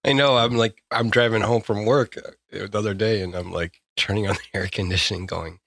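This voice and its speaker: A man's voice: fairly low pitch, fairly even intonation, a little fast, gravelly, a bit bright, dry recording, clean studio sound. A man, co-hosting a casual podcast with wry quips. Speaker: podcast co-host. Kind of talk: casual chat.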